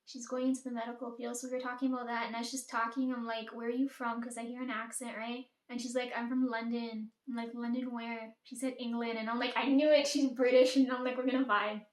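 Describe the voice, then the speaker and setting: A woman's voice: on the high side, little pitch movement, fast talker, few pauses. Chatty woman, roomy echo. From Caribbean. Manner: chatty, profane, fillers "like" and "right?". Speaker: storyteller. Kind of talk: casual storytime chat.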